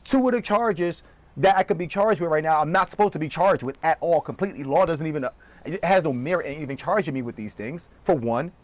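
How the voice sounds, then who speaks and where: A man streaming live, ranting heatedly and profanely in quick bursts. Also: on the high side, no echo.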